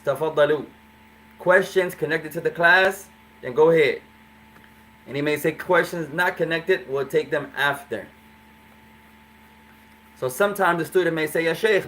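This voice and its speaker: Arabic teacher explaining phrases patiently. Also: male voice, fairly high pitch, a bit bright, slight background noise. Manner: explains slowly, repeating phrases. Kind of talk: classroom lesson.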